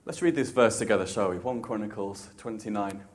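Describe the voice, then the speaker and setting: A man preaching a sermon with an emphatic, repetitive cadence, dropping soft and low for reverent passages. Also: a little fast, long reverb tail.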